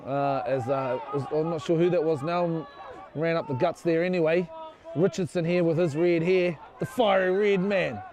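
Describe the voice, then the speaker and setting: A man's voice: a little high, fairly even intonation, normal speed, a crowd in the background, noisy background. A man giving casual, rambling, jokey commentary on a club rugby match from the sideline, often unsure of player names. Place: outdoors at a club rugby ground.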